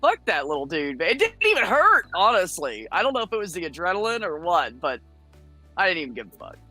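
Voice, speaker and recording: A woman's voice: fairly low pitch, quick pace, no room sound, faint music behind. Brash, foul-mouthed woman telling a story. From United States. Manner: blunt, profane, animated storytelling. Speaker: guest. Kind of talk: casual storytelling on a chat show.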